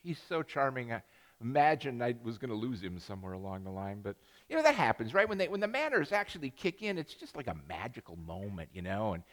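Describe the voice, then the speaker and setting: An older male pastor preaches in a church sanctuary, his pitch rising and falling with animated swings as he rambles through a story. He restarts his sentences and pokes fun at himself. The voice carries a long hall reverb. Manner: self-deprecating humor. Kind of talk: sermon.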